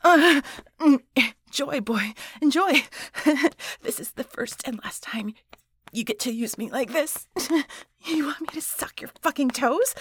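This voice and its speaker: A woman's voice: high-pitched, fairly bright tone, no room sound, exaggerated voice. A woman voicing a proud, defiant female boss and mother in an adult audio role-play, talking breathily and dropping into whispers. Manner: breathy, moaning, sudden whispers.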